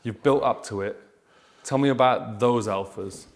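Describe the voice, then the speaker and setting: A man's voice: mid-range voice, normal speed. A man hosting a podcast, asking intense, prompting questions and swearing casually. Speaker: podcast host. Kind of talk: interview questions.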